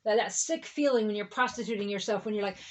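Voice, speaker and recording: A woman's voice: medium pitch, fast talker. A woman reverend giving a rambling spiritual talk in a conversational way, often checking in with "okay?" and "right?". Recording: dull lo-fi recording.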